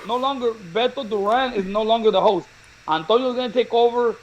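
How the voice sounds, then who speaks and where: Animated laughing storyteller man. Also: very high voice, brisk, muffled recording. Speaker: show co-host. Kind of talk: casual storytelling chat.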